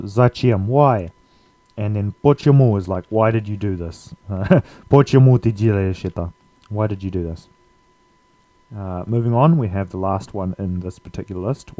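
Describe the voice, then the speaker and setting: A relaxed man talks through a language lesson in a low, mellow voice, pausing on fillers as he goes. The sound is close and dry, with no room around it. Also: dry recording. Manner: relaxed, with frequent fillers and laughs. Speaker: language teacher.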